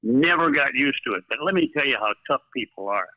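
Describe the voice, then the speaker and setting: A man's voice: mid-range voice, lively intonation, fast talker, pushed and bright, no echo, lo-fi sound. An older man with a North Dakota accent, a former college basketball coach telling folksy stories in an interview. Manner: folksy, anecdotal, uses old-fashioned sayings. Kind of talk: interview storytelling.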